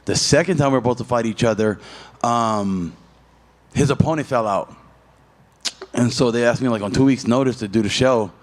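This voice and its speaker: Profane, rambling fighter in an interview. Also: male voice, normal speed, long pauses. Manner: jumps high in pitch when telling a story. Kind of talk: casual media day interview.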